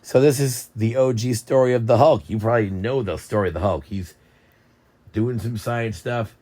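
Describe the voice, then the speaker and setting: A man's voice: medium pitch, moderate pace. A young man hosting a casual book chat, rambling and joking as he tells stories. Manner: rambling, jokey, lively storytelling. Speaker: book channel host.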